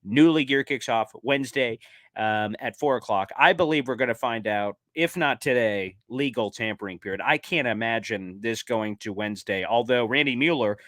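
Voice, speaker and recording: This is an excitable man giving casual sports commentary, talking straight to his viewers and calling them "baby." His voice sits at an ordinary pitch. The sound is dry and close. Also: no room sound.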